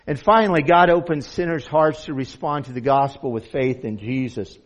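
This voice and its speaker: A man's voice: medium pitch, moderate pace. Earnest male pastor preaching. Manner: earnest, with frequent repetitions and restarts. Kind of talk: sermon. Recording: dull lo-fi recording.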